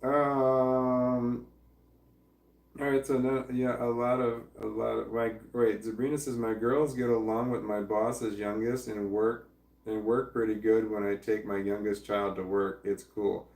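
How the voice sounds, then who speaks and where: A man rambles through a casual livestream, reading viewer comments and swearing freely. His voice is gravelly and sits at a middling pitch. He sounds a little far from the mic, in a roomy space. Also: level tone, a little slow, darkish tone. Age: adult parent.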